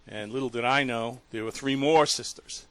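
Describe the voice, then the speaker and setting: A man hosting a talk radio show, telling a story in an earnest, emotional way with halting restarts. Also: mid-range voice, fairly bright tone, no room sound.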